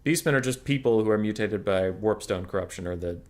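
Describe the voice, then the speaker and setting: A young streamer and tournament caster talks briskly in a lowish voice with a darkish tone. He's giving casual commentary on a live game, chatting and answering his chat's questions aloud.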